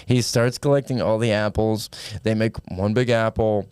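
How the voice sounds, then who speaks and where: A man co-hosting a comedy podcast, improvising a silly story with playful, animated delivery. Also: lowish voice, normal speed, clean tone, no echo. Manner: animated, goofy, bursts into silly voices and whispers. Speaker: podcast co-host.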